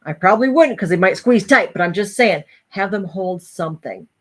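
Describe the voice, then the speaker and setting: A middle-aged woman host telling a personal story to an audience, animated and acting out the voices of others. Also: mid-range voice, a little fast.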